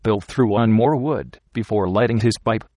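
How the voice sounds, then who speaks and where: A man narrates a story in a steady, measured way. His voice sits low, and the recording is dry and close, with no room echo. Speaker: audiobook narrator. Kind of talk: scripted narration.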